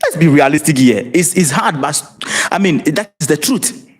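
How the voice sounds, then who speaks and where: Ghanaian male livestream commentator, high and very lively, emphatic and rhetorical. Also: normal speed, slightly rough. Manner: repeats and restarts words, laughs between points. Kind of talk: live-streamed political commentary.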